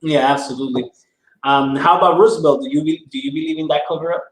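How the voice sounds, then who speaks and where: A man's voice: a little high, quick pace, roomy sound, rough recording. A man co-hosting a casual livestream interview, teasing and easygoing as he asks questions. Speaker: co-host.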